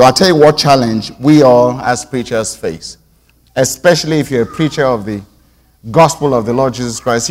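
A man preaching a sermon to his congregation, moving from quiet reflection to emphatic call-and-response. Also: a little high, long reverb tail. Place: church sanctuary.

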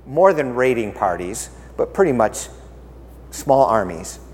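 A man's voice: medium pitch, very animated, measured pace, a little mellow, long reverb tail, a little hiss or hum. A man preaching a casual, conversational sermon, playful and full of rhetorical questions, acting out the characters as he retells Bible stories.

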